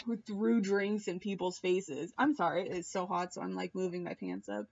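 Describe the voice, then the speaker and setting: A young woman of Puerto Rican and Cuban heritage recaps reality-show drama in a casual, animated way, mimicking people in high voices and swearing offhand. She is pregnant and queasy, speaking at a moderate pace with vocal fry. She's in a hot room at home, and the recording sounds dull and dry.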